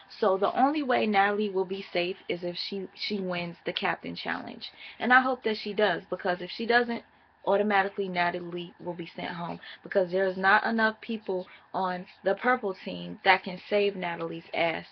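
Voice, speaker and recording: Gravelly woman gossiping in a casual vlog. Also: medium pitch, normal speed, muffled recording. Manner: chatty, profane, talks straight to viewers. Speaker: reality TV recap vlogger. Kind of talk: casual chat recap.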